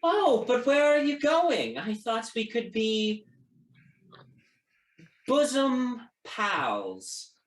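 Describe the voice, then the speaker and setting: A woman doing a shrill mocking villainess, echoey. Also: very animated, drawn-out words, long pauses, heavily acted. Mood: taunting. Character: taunting female psionic foe. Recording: echoey room.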